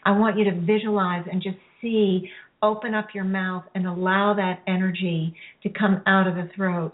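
A woman hosting a radio-style healing show, guiding listeners through a release in a slow, soothing, halting way. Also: medium pitch, little pitch movement. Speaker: spiritual healer hosting a show. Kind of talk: guided healing session. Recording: phone-like narrow sound.

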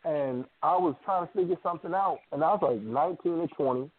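A man's voice: fairly high pitch, a little fast, dry recording. Storytelling man on a tinny phone line. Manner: animated storyteller acting out family quotes. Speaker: radio show co-host. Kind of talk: casual storytelling chat. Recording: dry phone-line audio.

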